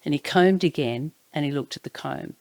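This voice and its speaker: A woman narrating a personal anecdote in an expressive way, sometimes dropping to hushed tones. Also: deep voice, normal speed, creaky, no echo. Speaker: storyteller.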